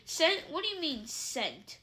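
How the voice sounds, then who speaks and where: Woman reading aloud as a strict older teacher lady, clipped and sharp, bright high voice. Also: very animated, slow pace, exaggerated voice. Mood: stern. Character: stern older female professor, brisk and strict.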